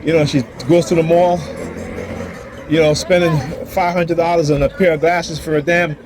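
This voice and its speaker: Agitated man ranting outdoors, fairly high voice. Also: level tone, moderate pace, background noise. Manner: agitated, repetitive, acts out quoted dialogue. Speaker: father vlogger. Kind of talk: ranting personal vlog. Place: outdoors near a building and street traffic.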